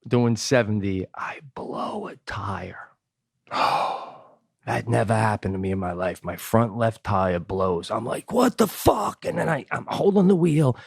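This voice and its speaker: A man's voice: lowish voice, no echo, clean studio sound. A man hosting a podcast, telling a comedic story with lots of swearing and acted-out voices. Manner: animated, profane, acts out quoted voices; swears often. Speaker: podcast host.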